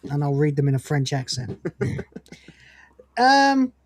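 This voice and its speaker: A woman's voice: sits low, very animated, takes it slowly, slight background noise. An English woman co-hosting a live gaming news stream, reading news items and breaking into blunt, profane commentary with frequent laughter.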